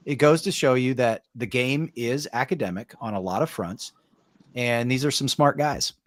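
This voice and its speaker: A man's voice: medium pitch, no room sound. A man coaching paintball, casually analyzing teams on a podcast, with frequent fillers and tag questions like "right?". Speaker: paintball coach and show panelist.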